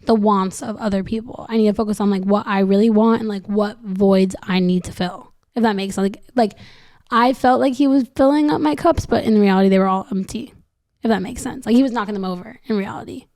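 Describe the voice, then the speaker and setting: A woman's voice: medium pitch, a little fast, a little mellow. A young woman chatting as a podcast guest. She tells her story loosely and rambles, leaning on "like" over and over. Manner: rambling, fills every phrase with "like". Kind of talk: casual storytelling.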